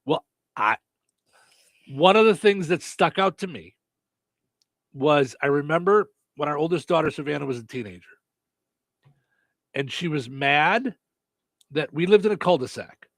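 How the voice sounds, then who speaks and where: A man's voice: on the high side, lively intonation, a little slow, long pauses, a bit bright, no room sound. A middle-aged man co-hosting a show, chatting casually and telling family stories. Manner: chatty storyteller, many hm-hmms. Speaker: co-host. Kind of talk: casual chat.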